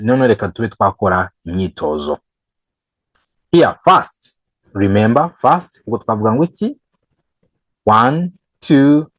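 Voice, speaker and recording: A man teaching English grammar, switching between English and Kinyarwanda and repeating each example slowly. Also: lowish voice, dry recording, rough recording. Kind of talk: bilingual grammar lesson.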